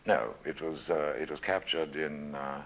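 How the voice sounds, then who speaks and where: Interviewed at home, a former radio newsreader, an older man with a deep, gravelly voice, reminisces with measured, wry self-deprecation. He comes from Scotland but grew up in England, and his delivery is flat with a fairly bright tone. The rough recording carries a little hiss or hum.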